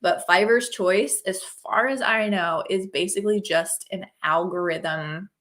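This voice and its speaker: A woman's voice: mid-range voice, unhurried, fairly bright tone. A woman from Oregon hosting a casual livestream chat, upbeat and chatty, greeting viewers by name, with a slight cold. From Oregon, USA. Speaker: host.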